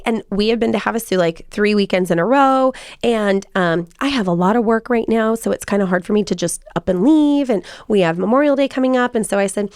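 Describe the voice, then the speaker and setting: A woman's voice: mid-range voice, fairly quick, few pauses, no echo, studio quality. Chatty woman telling family stories. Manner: chatty storytelling, quotes people in lively voices. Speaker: host. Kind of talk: casual chat.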